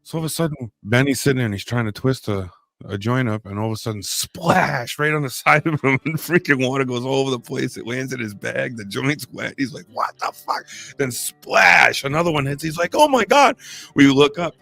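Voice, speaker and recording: A man's voice: mid-range voice, brisk, creaky, no echo, soft background music. A man co-hosting a casual podcast, telling a funny story with frequent laughter. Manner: animated storyteller, laughs often. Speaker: podcast co-host.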